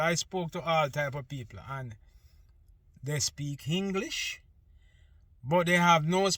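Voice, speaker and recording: A man's voice: fairly high pitch, pushed and bright, no room sound. A man from Jamaica with a Jamaican accent, talking through an earnest, opinionated monologue as host, slipping between patois and English. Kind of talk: casual monologue.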